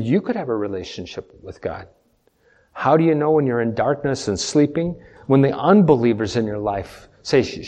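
A man's voice: fairly low pitch, mellow. A man preaching a sermon as pastor, emphatic, repeating key points and putting questions to the congregation. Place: church.

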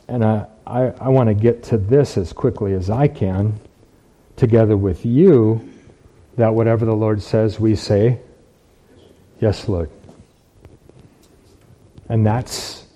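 A man's voice: lowish voice, steady tone, slow, long pauses, dark tone. A man preaching a sermon, reading scripture aloud and repeating key phrases for emphasis.

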